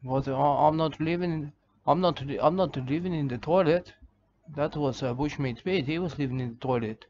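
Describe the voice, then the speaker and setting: A man in a rambling, deadpan comic monologue, halting on "uh" and restarts. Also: on the high side. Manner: halting, full of "uh" and restarts, says "mate". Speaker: comedic character monologue. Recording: slightly dull lo-fi sound with faint background noise.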